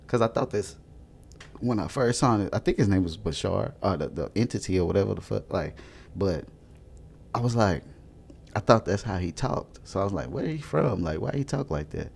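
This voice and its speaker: A man's voice: deep voice, gravelly, a little mellow. A young man in his twenties chatting casually at home into a desk mic, joking loosely, laughing often, and using a lot of slang. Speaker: vlogger. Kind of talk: casual rambling chat.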